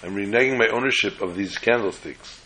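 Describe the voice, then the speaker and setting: A man's voice: on the low side, a little fast, sharp tone, low-quality recording. A man giving a Torah class lecture, explaining step by step and often restarting or rephrasing words mid-sentence. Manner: tells jokes as illustrations. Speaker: Torah teacher.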